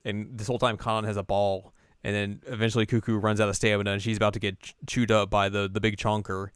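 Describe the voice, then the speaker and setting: A man co-hosting an anime recap show, retelling scenes in casual chat and jumping into squeaky voices for the characters. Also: flat delivery, fast, smooth, no room sound, studio quality. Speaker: co-host recapping an anime episode.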